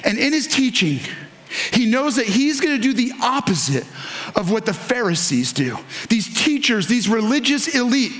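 Earnest high-voiced male pastor preaching. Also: big pitch swings, fairly bright tone. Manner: earnest, emphatic preaching with dramatic slowdowns and repetition. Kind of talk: sermon.

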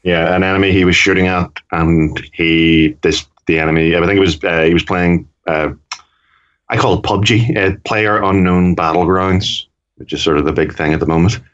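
A Northern Irish man with a very deep voice chats loosely on a podcast, wandering through his points and correcting himself as he goes. The sound is a little dull and lo-fi. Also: fairly even intonation, moderate pace, a bit bright. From Northern Ireland. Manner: rambling, self-correcting. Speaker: podcast co-host. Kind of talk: casual chat.

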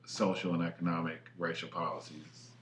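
A man with a lowish voice and a bright, forceful edge co-hosts a casual conversation. He speaks emphatically in slangy, profane bursts. The room adds a clear echo around him. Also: little pitch movement, brisk, slight background noise. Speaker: podcast co-host. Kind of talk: casual chat. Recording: echoey room.

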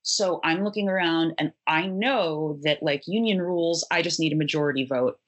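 A woman who is a punk musician tells a long, wry, profane anecdote in casual conversational storytelling. Her voice is low-pitched and she speaks at normal speed.

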